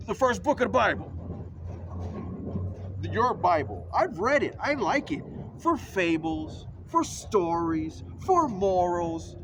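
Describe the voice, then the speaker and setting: A man's voice: high voice, background noise. A man ranting argumentatively in a casual vlog, recorded in a vehicle.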